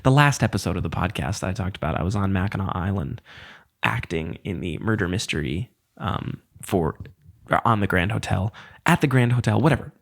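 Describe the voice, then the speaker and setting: Man around 30, solo podcast host, lowish gravelly voice, rambling and self-deprecating. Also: expressive, brisk. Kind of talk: casual solo podcast monologue.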